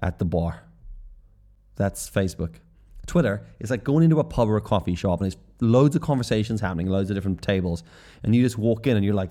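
A man's voice: lowish voice, expressive, brisk, warm tone. A middle-aged man hosts a podcast in a casual comedic monologue. He swears freely and acts out little scenes in quoted voices. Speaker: podcast host.

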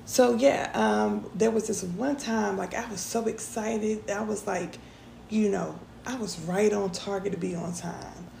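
A young woman tells a personal story on her podcast in a loose, chatty way, calling her listeners y'all. Her voice is heavily gravelly and mellow. The room echoes, with faint ambience behind her. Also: medium pitch, steady tone, measured pace, slight background noise. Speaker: podcast host. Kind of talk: casual storytelling.

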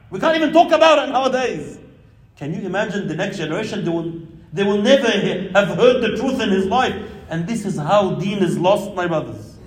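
A man's voice: sits high, reverberant, poor audio. A man preaching an impassioned sermon to his brothers and sisters, with Arabic religious phrases woven into his talk. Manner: addresses listeners as brothers and sisters. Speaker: Islamic preacher.

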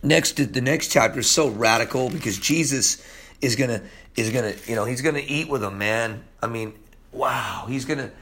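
Preaching informally from the Bible, this man talks in slang with lots of energy and emphasis, sometimes booming and sometimes dropping to a near-whisper. He speaks at medium pitch and a moderate pace.

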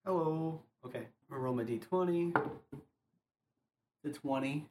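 A man's voice: a little high, moderate pace, background noise. A man casually playing a tabletop game, speaking plainly in short turns. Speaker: player.

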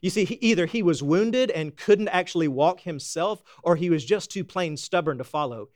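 A man preaching a sermon, folksy and animated, swinging from loud exclamations to hushed emphasis. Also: high-pitched, moderate pace, no echo, studio quality. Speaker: pastor.

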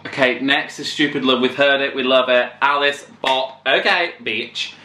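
A man hosting a casual album reaction, excitable and swearing, now and then singing along. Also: mid-range voice, moderate pace. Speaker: music reaction channel host. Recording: echoey room with loud music behind. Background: music playing.

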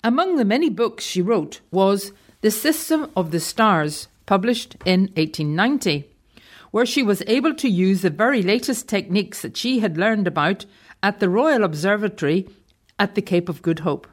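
Woman giving a measured history talk. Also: mid-range voice, animated. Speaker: guest contributor telling history stories. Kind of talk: prepared talk read from a script.

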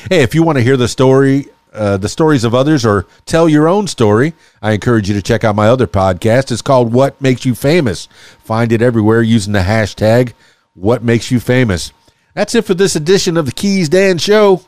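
A man's voice: mid-range voice, fairly quick, a little mellow, no room sound. A man hosting a casual solo podcast, reading sayings aloud and musing on them with small chuckles and restarts. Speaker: podcast host.

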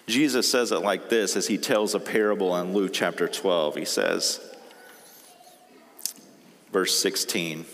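A man's voice: fairly low pitch, a little slow, long pauses, fairly bright tone. A man preaching a sermon, reading scripture aloud and pressing his points with rising emphasis. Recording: reverberant hall.

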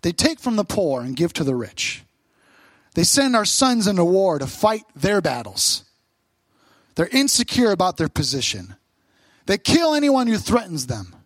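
High-voiced pastor preaching in short emphatic phrases. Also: male voice, huge pitch swings, a little slow, no echo. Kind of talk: sermon.

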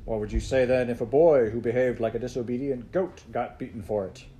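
A man doing a gruff old mountain grandfather. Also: mid-range voice, a little fast, warm tone, slight background noise, natural voice. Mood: stern teasing. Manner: gruff, mock-military and dry.

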